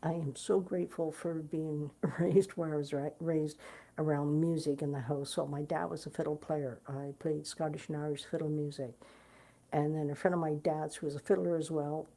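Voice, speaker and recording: A woman's voice: sits low, dark tone. A woman musician talking casually to her viewers, rambling and earnest, with many fillers and restarts. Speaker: musician promoting her concert. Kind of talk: casual talk to camera.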